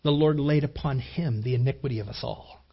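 A male pastor preaching a sermon in an animated storytelling manner, with frequent restarts. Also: medium pitch, brisk, slightly rough, dull audio. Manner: animated storytelling, acting out quoted voices, repeated restarts.

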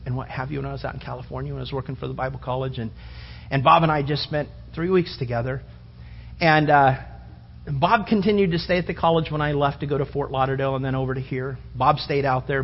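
A man's voice: medium pitch, breathy edge, highs cut off. A male pastor preaching a sermon, telling a long rambling story with many restarts.

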